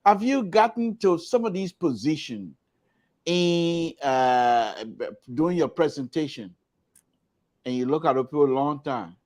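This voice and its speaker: A male radio host with a fairly high voice that rises and falls a lot. He asks his guest questions with a lively, chatty manner. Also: unhurried. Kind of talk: radio conversation.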